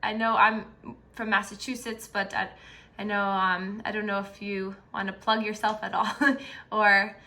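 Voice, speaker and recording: A woman's voice: mid-range voice, flat delivery, measured pace, sharp tone. A woman hosting an interview who speaks hesitantly and backs her guests with frequent affirmations. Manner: hesitant, friendly, backchannels often. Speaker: host. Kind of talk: conversational interview.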